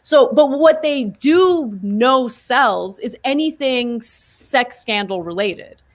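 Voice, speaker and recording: A woman's voice: a little high, lively intonation, slow pace. A woman co-hosting a political talk show, arguing her points emphatically in casual discussion. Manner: emphatic, argumentative. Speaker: co-host.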